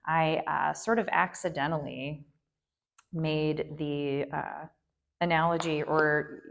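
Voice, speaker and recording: A woman guiding a yoga nidra meditation in a gentle, unhurried way, with soft asides and frequent fillers. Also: sits low, creaky. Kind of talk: guided meditation instruction.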